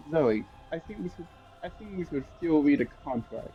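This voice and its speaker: A man's voice: fairly high pitch, expressive, normal speed, faint music behind. A man playing a tabletop game on a live stream, hesitant with dry quips. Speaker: player. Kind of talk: casual role-play on a live stream. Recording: dull lo-fi mic.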